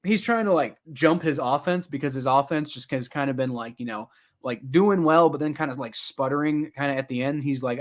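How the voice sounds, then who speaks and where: A young man giving casual live play-by-play reaction to a football game, rambling with many fillers and getting loud and exasperated at times. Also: medium pitch, fairly quick. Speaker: sports reaction streamer.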